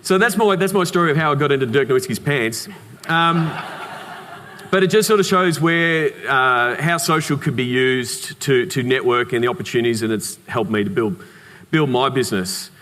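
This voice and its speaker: An Australian man giving a conference keynote, telling anecdotes in a lively way with humorous asides. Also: medium pitch, normal speed. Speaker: keynote speaker. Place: conference hall. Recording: reverberant conference hall.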